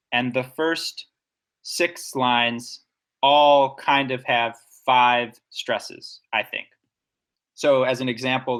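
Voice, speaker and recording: The speaker, a male podcast co-host, has a fairly bright, mid-range voice. He's enthusiastic and analytical in a nerdy way during the casual discussion, illustrating his explanations with examples.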